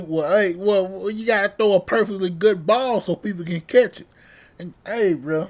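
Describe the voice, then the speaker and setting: A man's voice: sits high, normal speed. A young man venting as a sports vlogger in a casual, heated fan rant, repeating himself and tossing in slang constantly. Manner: heated, repetitive, says bruh constantly.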